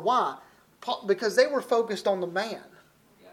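A middle-aged visiting preacher from Alabama delivers a sermon in a Southern accent, his voice high-pitched and his pace moderate. His style is folksy and conversational, with frequent restarts.

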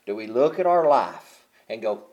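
A man preaching a sermon as pastor, building to loud, impassioned peaks and dropping to quiet, conversational asides. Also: medium pitch, expressive, moderate pace, dull audio.

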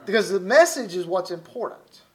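A man's voice: sits high, animated, fairly quick. A middle-aged man from Alabama with a Southern accent, preaching a sermon in a folksy, conversational way with frequent restarts. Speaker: visiting preacher.

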